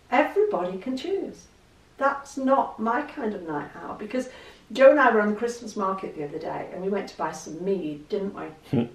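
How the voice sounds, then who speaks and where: English woman vlogger, gravelly voice, roomy echo, mic set back, chatty storyteller. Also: medium pitch, distant mic. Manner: chatty, storytelling, laughs easily. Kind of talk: casual chat to camera.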